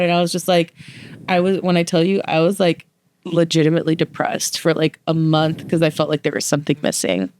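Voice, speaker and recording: A young woman co-hosting a podcast, telling stories in casual chat, animated and swearing freely. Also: deep voice, quick pace, a little hiss or hum. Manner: animated storyteller, swears freely, acts out quotes. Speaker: podcast co-host.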